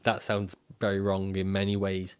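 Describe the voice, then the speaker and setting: A man's voice: low-pitched, monotone, normal speed, clean tone. A man livestreaming casually, reading out viewer comments and answering them in a jokey, profane way and laughing often.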